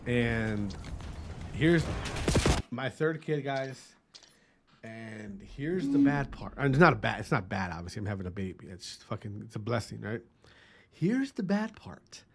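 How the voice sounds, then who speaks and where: A man's voice: lowish voice, moderate pace, vocal fry, slight background noise. A man in his thirties from Wisconsin, a gaming streamer chatting casually and profanely with his live chat, greeting viewers by name. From Wisconsin, US Midwest.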